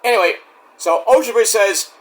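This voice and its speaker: Man, wrestling show reviewer, high voice, rambling casual talk. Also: moderate pace. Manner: rambling, animated, acts out quotes loudly.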